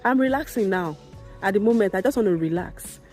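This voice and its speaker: A woman's voice: lively intonation, fairly quick, darkish tone, soft background music. A young woman, a midwife, talking candidly to camera in a vlog, emphatic and repeating her points. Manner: emphatic, repeats phrases, rises in pitch when indignant. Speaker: midwife vlogger.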